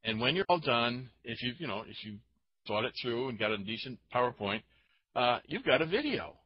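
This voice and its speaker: A man talking in a casual chat, rambling and halting with many fillers. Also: mid-range voice, sing-song, husky, muffled recording.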